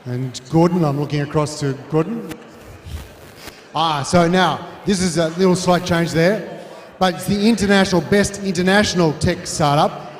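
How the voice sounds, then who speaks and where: A man's voice: fairly high pitch, moderate pace. Emcee man in an echoey hall. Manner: loose, chatty with fillers. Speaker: awards ceremony host. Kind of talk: live emcee patter. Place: large reverberant event hall with audience. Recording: echoey hall, crowd behind.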